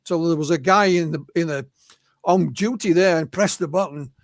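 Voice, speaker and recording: A man's voice: on the high side, moderate pace, dry recording, studio quality. A man with an English accent, a guest UFO researcher, telling witness accounts in a storytelling way and often adding "you know". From England. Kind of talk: anecdotal storytelling in an interview.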